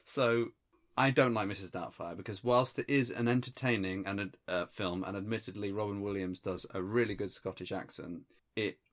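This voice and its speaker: A man co-hosting a comedy podcast, delivering rambling, mock-serious musings in a deadpan way. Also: lowish voice, moderate pace. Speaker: podcast co-host. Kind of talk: improvised comedy podcast banter.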